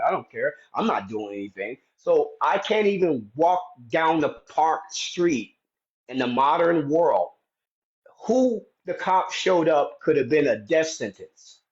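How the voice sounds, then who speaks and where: Brief: man, higher-pitched, rambling heated live-stream talk, muffled phone audio. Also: sing-song, measured pace. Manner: rambling, many restarts and fillers; heated, indignant storytelling.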